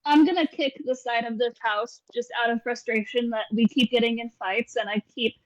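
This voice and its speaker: A woman playing in a casual tabletop role-play, chatty and expressive. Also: a little high, normal speed, dry recording, lo-fi sound. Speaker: player.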